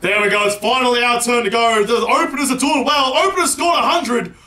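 Young man, gaming host, high bright voice, excitable and foul-mouthed, roomy echo. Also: brisk, a little hiss or hum. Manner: excitable, swears a lot, shouts at big moments. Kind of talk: live gameplay commentary.

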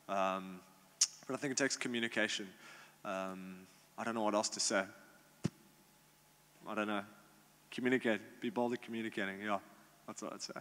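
A man's voice: mid-range voice, a bit bright. A young adult man in a youth group, answering questions in a casual, informal way with lots of fillers and restarts. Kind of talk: casual Q&A talk. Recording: long hall reverb.

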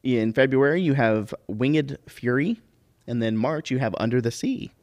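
A man hosting a casual livestream chat, easygoing and hesitant, often pausing on filler sounds. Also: medium pitch, lively intonation, darkish tone. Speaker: livestream host.

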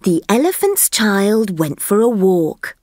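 A woman reads slowly and clearly for language learners, her voice rising and falling in a lively way. The recording is dry and close, with no room sound. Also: medium pitch, dry recording. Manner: slow, clear, lively intonation. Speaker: reader of a textbook listening track. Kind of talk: slow scripted reading for learners.

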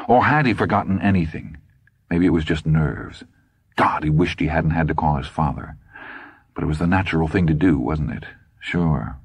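A man narrating an audiobook in a measured, tense storytelling manner. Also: extremely low pitch, slightly rough, no room sound.

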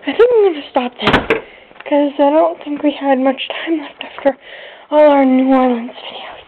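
A woman's voice: sits high, normal speed, noisy background. A young woman giving a playful, self-mocking tour of her house for a home video, chatting as she goes. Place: house, indoors and out by a fence. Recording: tinny lo-fi home camera audio.

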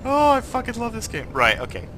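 A young Scottish man commentating on his own gameplay, tipsy, sweary and jokey, swinging between muttering and excited shouting. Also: very high-pitched, a little fast, background noise. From Scotland. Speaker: gaming YouTuber.

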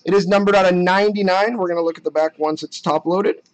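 A young man chatting casually while opening trading card packs on a live break, excited at the hits and muttering asides. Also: high voice, fast talker, low-quality recording.

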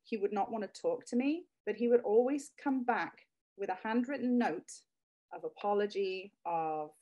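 Her voice is medium-pitched and mellow at a normal speed, captured with a lo-fi sound. A guest in her thirties who created a product, she grows emotional in the interview, talking about her kids and nearly crying at moments.

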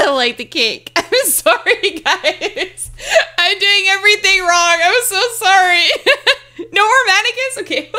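High bright-voiced girl streaming a game, giggly and flustered, keeps apologizing, kinda sick, mic right at her mouth. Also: lively intonation, takes it slowly. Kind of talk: casual live-stream chat while gaming. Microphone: close desk mic.

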